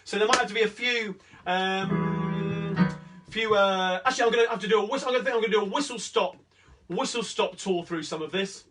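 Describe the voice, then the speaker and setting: Cockney guy hosting a live sing-along stream from home, high voice, bit far from the mic, guitar going. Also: fairly quick. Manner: chatty, rambling between songs. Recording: distant mic with guitar playing.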